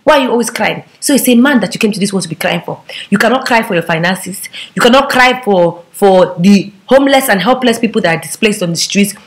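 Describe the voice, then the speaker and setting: A woman's voice: medium pitch, animated, brisk, hardly any pauses. Brief: young woman vlogger, sassy and preachy, firing off rhetorical questions to camera. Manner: bobs her head while talking. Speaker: vlogger giving relationship advice. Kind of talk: direct-to-camera advice monologue.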